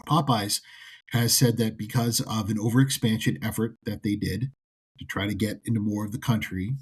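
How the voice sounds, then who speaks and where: A man's voice: fairly low pitch, husky. A man co-hosting a casual trade podcast, joking and playfully dramatic, from the American South. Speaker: co-host.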